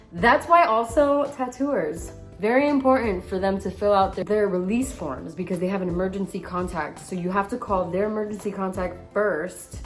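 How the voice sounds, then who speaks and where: Young woman telling a lively vlog story. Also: medium pitch. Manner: animated storyteller, reenacts voices. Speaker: tattoo artist vlogger.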